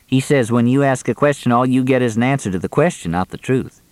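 A man voicing a sharp-tongued, middle-aged Southern woman with a probing, wry way of talking. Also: mid-range voice, fast talker, dry recording, voice pushed up, lightly acted.

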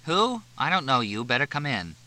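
A man's voice: medium pitch, big pitch swings, normal speed, sharp tone, pitched above the performer's own voice. A man voicing a harried, blunt housewife, wary of a stranger at her door, in an audiobook.

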